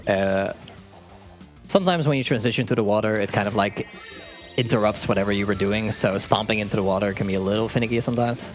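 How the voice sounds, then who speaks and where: With faint game music in the background, a man speaking a bit low and quickly explains his speedrun live on a marathon stage. He keeps it casual, laughs often and fumbles his words now and then.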